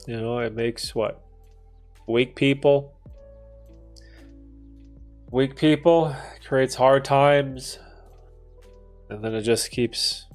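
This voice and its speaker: A young Canadian man hosts a casual livestream, reading and answering chat and joking around. His medium-pitched voice is laid-back, broken up by loud bursts of laughter and swearing.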